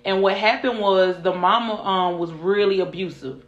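A woman's voice: medium pitch, fairly even intonation, normal speed, roomy sound, muffled recording. A young woman co-hosting a casual chat, retelling a story bluntly with profane, emphatic asides. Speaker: podcast co-host.

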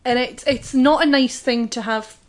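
Playful higher-voiced woman co-host. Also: steady tone, moderate pace. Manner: playful, teasing interjections. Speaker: podcast co-host. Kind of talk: casual chat.

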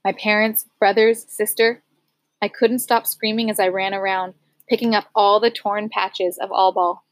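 A woman teacher reading a memoir aloud to her class, expressive and slowing for emphasis. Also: medium pitch, dry recording, poor audio.

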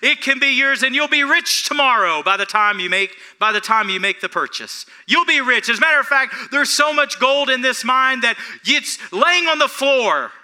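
A man putting on a pushy young salesman, high and loud. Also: animated, moderate pace, few pauses, exaggerated voice. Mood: eager, salesy. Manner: overeager hard sell. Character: pushy young male gold-mine salesman.

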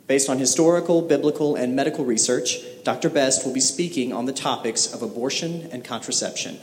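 A man's voice: medium pitch, brisk, a little mellow, slight background noise. A man hosting the event, formally reading announcements and introducing the speaker. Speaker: event host. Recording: roomy hall reverb, faint ambience.

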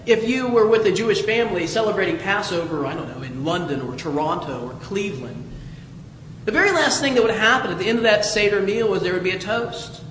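A middle-aged pastor from Southwest Ohio preaching a sermon in a conversational, storytelling way, chuckling now and then. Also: male voice, high voice, fairly bright tone, a little hiss or hum. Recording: echoey hall with reverb.

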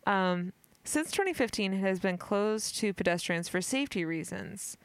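A woman's voice: medium pitch, animated, normal speed, smooth, dry recording. A woman hosting a podcast, reading a news article aloud in casual chat, giggly and stumbling over words. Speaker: podcast host.

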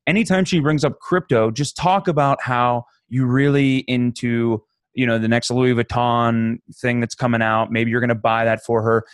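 A male podcast co-host gives joking, playful advice in casual chat. His mid-range voice is fairly even in intonation at normal speed, recorded in studio quality with no room sound.

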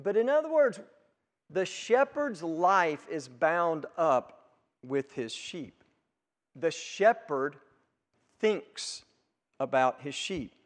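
A man with a high, light voice preaches slowly and deliberately, leaning hard into key words before sinking to a hush. His sermon rings through a church hall with a long, trailing reverb. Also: lively intonation. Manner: emphatic, swells loud on key words then drops low. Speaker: pastor. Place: church sanctuary.

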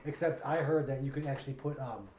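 A man of middle pitch chatting in a relaxed, jokey way. His voice carries some room echo, with a faint hiss underneath. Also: quick pace. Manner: laid-back, jokey asides. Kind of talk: casual chat. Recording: roomy room with faint noise.

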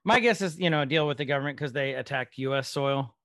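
A man co-hosting a casual TV-show podcast, talking in an animated way and laughing often. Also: medium pitch, a little fast, no echo, clean studio sound. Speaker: podcast co-host. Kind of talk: casual chat.

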